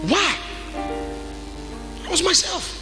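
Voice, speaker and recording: A man preaching a sermon, moving from loud exhortation to quiet storytelling. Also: extremely high pitch, slow pace. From Nigeria. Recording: music behind the voice.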